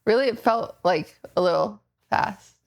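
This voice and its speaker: This woman's mid-range voice is unhurried and creaky as she streams from her kitchen, wandering about while chatting casually and making self-deprecating jokes at her chat.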